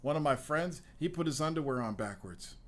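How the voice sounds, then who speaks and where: A man's voice: fairly high pitch, expressive, fairly quick. A middle-aged man hosting a live show, rambling casually, swearing often and laughing at his own stories. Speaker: host. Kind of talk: casual livestream chat.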